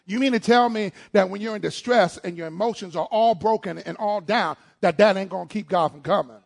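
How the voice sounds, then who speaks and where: A man preaching a sermon as pastor, leading call-and-response, shouting at peaks, then dropping to low asides and joking with the congregation. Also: brisk, gravelly, hardly any pauses. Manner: playful, jokes with the congregation.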